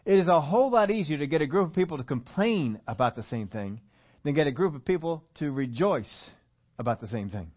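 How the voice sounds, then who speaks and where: A man's voice: fairly high pitch, animated, fairly quick, highs cut off. Man preaching a conversational sermon. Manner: conversational preaching, questions to the congregation. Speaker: pastor.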